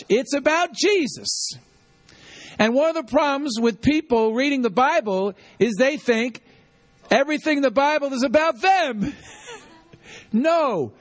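A man preaching a sermon, teaching with call-and-response and repeating key lines for the congregation. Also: very high voice. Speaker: pastor.

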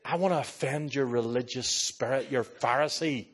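A man with an Irish accent, a pastor preaching a sermon and telling stories in an animated way, slipping into other people's voices. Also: mid-range voice, normal speed. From Ireland.

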